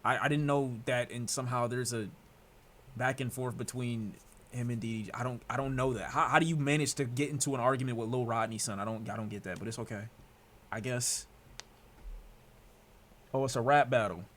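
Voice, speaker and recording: Excitable young streamer from Detroit. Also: male voice, mid-range voice, fairly quick, pauses often, slight background noise. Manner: excitable, swearing, jumps from mutters to loud outbursts. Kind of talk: live-stream reaction commentary.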